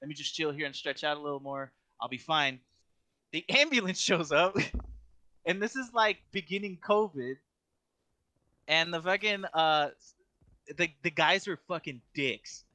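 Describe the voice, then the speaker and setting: A man's voice: on the high side, lively intonation, a little slow, pauses often, bright, forceful tone, dry recording. A young man co-hosting a podcast, telling a story in casual chat, rambling with constant filler words and restarts. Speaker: podcast co-host.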